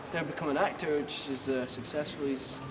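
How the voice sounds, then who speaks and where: A man hosting a spoof town tour, talking outdoors in a rambling, deadpan way with swearing asides. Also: on the high side, a little fast. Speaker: spoof town guide host. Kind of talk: mock-serious walking tour monologue. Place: outdoors in town streets, windy. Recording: windy outdoor sound, far from mic.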